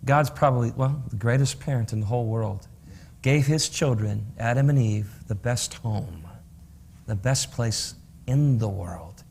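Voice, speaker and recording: A man's voice: medium pitch, measured pace, gravelly, darkish tone, a little hiss or hum. A man on a talk show giving earnest, encouraging advice to parents in a preachy way. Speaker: co-host, counselor.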